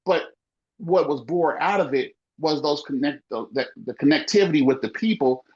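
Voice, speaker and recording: A man's voice: on the high side, normal speed, darkish tone. A man who owns a small business talks in a casual podcast conversation, emphatic and repetitive, leaning on "you know,". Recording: muffled lo-fi audio.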